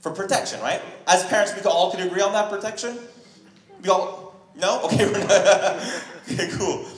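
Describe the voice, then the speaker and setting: A man's voice: sits high, normal speed, roomy sound. A man doing a crude stand-up set in a comedy club, telling stories and bantering with the crowd. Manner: animated, crude, storytelling with audience banter.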